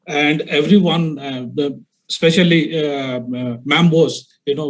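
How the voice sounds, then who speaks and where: A man giving a halting thank-you speech on receiving an award, full of fillers. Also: a little high, poor audio. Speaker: award recipient.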